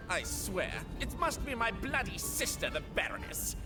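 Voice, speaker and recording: A man's voice: very high-pitched, huge pitch swings, measured pace, full character voice. An actor playing an unhinged, paranoid male count in a video game, ranting and cackling. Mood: manic paranoid. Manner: ranting, cackling, swings to shrieks. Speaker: game character. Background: loud game music.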